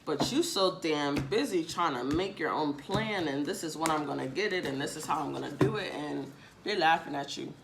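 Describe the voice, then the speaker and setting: A woman's voice: deep voice, normal speed, gravelly, crowd noise. A woman giving a casual tarot reading straight to her viewers, chatty and repetitive, with casual swearing. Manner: chatty, repeats phrases, casual swearing, addresses viewers directly. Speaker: tarot reader.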